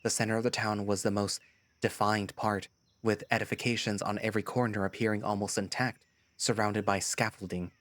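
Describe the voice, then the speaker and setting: A man narrating a first-person story in a lively storytelling manner. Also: fairly low pitch, brisk, no echo. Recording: music playing behind.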